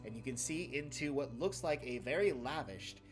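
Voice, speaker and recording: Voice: medium pitch, expressive, moderate pace, music in the background. Laughing, chatty game master. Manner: laughing often, loose and chatty. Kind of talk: narrating a tabletop game.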